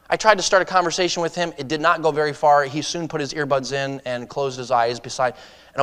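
Evangelist guy preaching a story, fairly high voice, gets loud then hushed, long echo like a big church. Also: fairly quick, smooth. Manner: animated, shifts between loud excitement and soft earnest tones. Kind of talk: sermon storytelling. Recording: long hall reverb.

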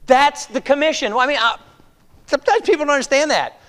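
A man pastor preaching a sermon, swinging from hushed asides to emphatic, drawn-out exhortations. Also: extremely high pitch, long reverb tail.

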